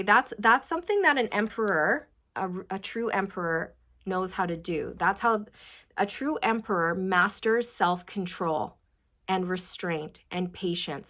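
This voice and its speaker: A woman giving a channeled tarot reading to her viewers, gushing and emotional, often checking in with "okay?" and "you guys". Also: on the low side. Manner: reads quotes slowly and softly. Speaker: tarot reader.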